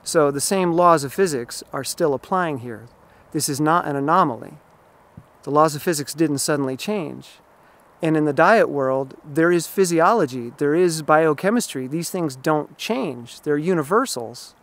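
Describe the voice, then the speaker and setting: A man's voice: a little high, normal speed, a bit bright. A man giving an emphatic, explanatory vlog monologue outdoors beside a pond while out running. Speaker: running vlogger.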